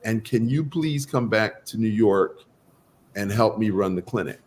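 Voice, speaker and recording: A man voicing his elderly qigong master as a stern, insistent old man, slightly lower than his own voice. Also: unhurried, darkish tone, a little hiss or hum, close to an everyday voice. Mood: pleading, commanding.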